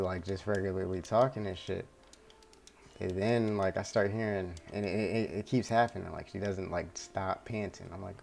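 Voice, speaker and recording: Low gravelly young man, laid-back storytelling. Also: darkish tone, a little hiss or hum. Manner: rambling, profane, laid-back. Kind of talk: casual storytime vlog.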